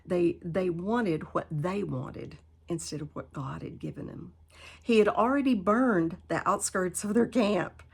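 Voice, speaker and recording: A woman teaching a Bible study lesson, reading scripture aloud and then paraphrasing it with animated emphasis. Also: fairly low pitch, measured pace, vocal fry, breathy edge.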